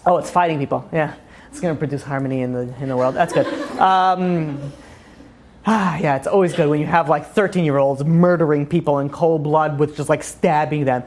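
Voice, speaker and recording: A man, a rabbi, giving a casual, joking Torah lecture to a live class, talking fast and animatedly with lots of "you know". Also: fairly high pitch, darkish tone, slight background noise.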